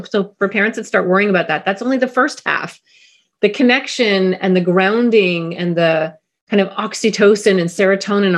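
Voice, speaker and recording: A middle-aged woman, a parenting expert guest on a podcast, explaining with energy and acting out quick voices of parents and a pilot. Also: mid-range voice.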